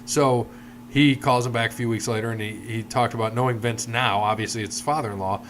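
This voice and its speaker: His mid-range voice keeps a steady tone and moves a little fast, with a bit of hiss or hum on the recording. This podcast co-host rambles through long anecdotes in casual chat, voicing the characters he quotes.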